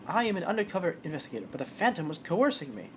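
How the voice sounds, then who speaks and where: A woman voicing a loud, over-the-top male detective with an exaggerated, jovial manner. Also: lowish voice, sing-song, racing, a little hiss or hum. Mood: pleading. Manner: boisterous, exaggerated.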